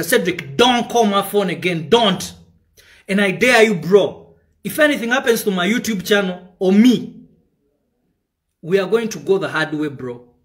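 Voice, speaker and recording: Furious high-voiced Ugandan man. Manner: heated, profane and confrontational; switches between English and Luganda. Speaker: musician. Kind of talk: angry direct-to-camera rant.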